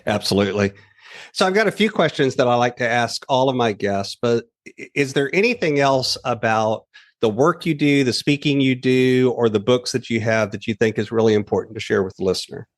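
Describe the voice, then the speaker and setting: A man hosts a podcast interview in a relaxed, conversational way. He tells little anecdotes to make his points. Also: mid-range voice, fairly quick. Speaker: podcast host. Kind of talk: casual interview chat.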